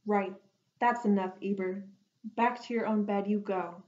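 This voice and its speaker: A woman's voice: mid-range voice, measured pace, darkish tone, natural voice. A woman voicing a weary old grandfather who grumbles and growls at his grandson in a storybook reading. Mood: fed up. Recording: dull lo-fi recording.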